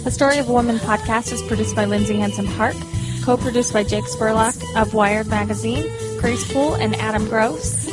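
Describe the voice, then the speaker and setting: A woman's voice: fairly high pitch, steady tone, normal speed, over loud music. Woman host narrating a podcast.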